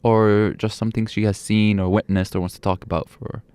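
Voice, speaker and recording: A man's voice: lowish voice, little pitch movement, moderate pace, darkish tone, clear, resonant tone, no echo. A young man co-hosting a casual podcast chat, joking and teasing, often laughing. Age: young adult. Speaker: podcast co-host.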